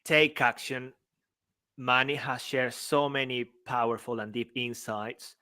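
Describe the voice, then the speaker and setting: A man's voice: medium pitch, fairly even intonation, measured pace, pushed and bright, clear, resonant tone, no room sound. A man co-hosting a podcast, effusive and enthusiastic in casual chat. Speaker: podcast co-host.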